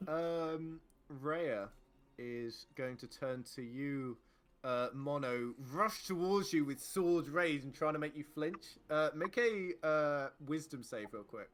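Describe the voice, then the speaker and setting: A man narrating as game master in an online tabletop game, lively and laughing often as he describes the combat. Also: a little high, slow. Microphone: online call microphone.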